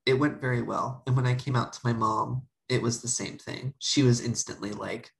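A woman's voice: extremely low pitch, moderate pace, creaky, low-quality recording. A young woman co-hosting a podcast, telling a personal story in casual chat and acting out her family's lines. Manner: animated, acts out family members' voices. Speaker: podcast co-host.

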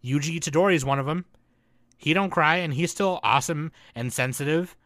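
Man, podcast co-host, loud profane rant, bright forceful tone, dry close sound. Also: on the high side, a little fast, no room sound. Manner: ranting, loud, profane, swings between shouting and muttering. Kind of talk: casual chat.

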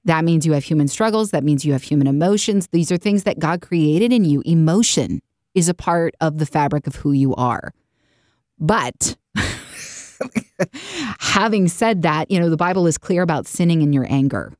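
Animated woman podcast host, low voice. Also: normal speed, dry recording, studio quality. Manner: animated storytelling, jumps into voices. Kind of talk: faith-based podcast chat.

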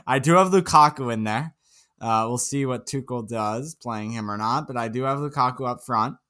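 A man's voice: medium pitch, normal speed, bright, forceful tone. Guy cohosting a footy podcast, dry teasing, regular mid voice. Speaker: podcast co-host. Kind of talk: casual sports chat.

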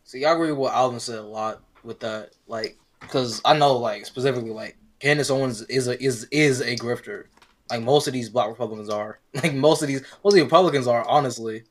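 A man's voice: mid-range voice, a little fast. A man with a mid-range voice joins a podcast chat about politics. His speech is slangy and loose, packed with fillers as he works through his point.

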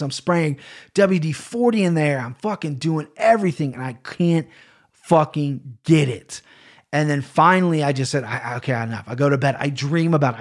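A man talking loosely into his podcast mic, rambling and cursing freely as he tells a story. His pitch sits a little high for a man. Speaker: podcast host. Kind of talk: casual chat.

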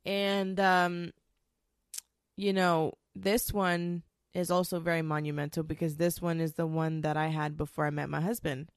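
A woman's voice: low voice, smooth, no room sound, studio quality. A woman telling a personal story in a candid, rambling way, emotional and swearing freely, with many restarts.

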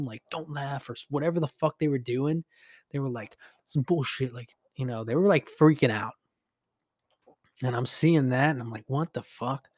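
A young man tells a story casually as a podcast host, swearing freely and leaning on fillers as he animates the retelling. His voice sits at an ordinary middle pitch, and the sound is close and dry with no room echo. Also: a little mellow.

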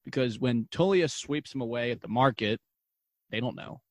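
A man's voice: mid-range voice, normal speed, darkish tone, no room sound. Man, panelist, casual chat, raises points, dry close sound. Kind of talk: casual chat discussing a TV episode.

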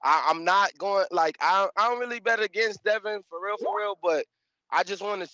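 A man calling in to talk boxing, halting and hesitant with lots of fillers. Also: high voice, bright, forceful tone, no room sound, lo-fi sound. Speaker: caller. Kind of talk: casual boxing chat.

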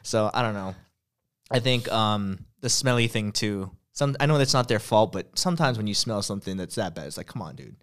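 A man's voice: on the low side, brisk, clear, resonant tone. A man hosting a podcast, telling stories in rambling casual chat full of "like" fillers. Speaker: podcast host.

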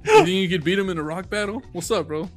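A young man with a slightly high voice talks loosely on a friends' podcast. He is running on little sleep, teases the others, and swears freely as his stories wander. Faint music sits underneath. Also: fast. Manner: profane, teasing, rambling. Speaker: podcast co-host. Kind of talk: casual chat.

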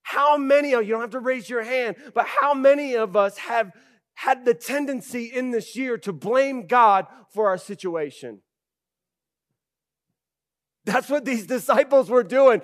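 High-voiced pastor preaching animatedly. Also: male voice, measured pace. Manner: animated preaching with sudden loud bursts; conversational, with frequent fillers like "okay" and "right". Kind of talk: sermon.

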